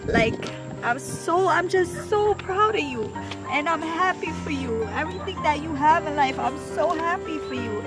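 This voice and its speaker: A woman's voice: high voice, distant mic. A young woman speaking in a heartfelt, emotional way about how proud she is of her husband. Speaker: vlogger, wife. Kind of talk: casual chat.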